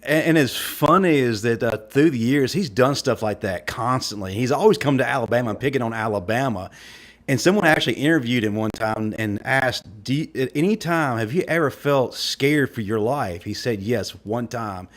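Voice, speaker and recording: A man's voice: mid-range voice, lively intonation, moderate pace. A man co-hosting a casual sports podcast, telling a story in a chatty way. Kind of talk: casual chat.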